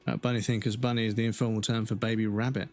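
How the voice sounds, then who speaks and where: A man's voice: on the low side, level tone, rapid-fire, darkish tone, soft background music. Rambling, swearing male game streamer. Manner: rambling, swears freely, jokes and chuckles. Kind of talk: casual chat while streaming a game.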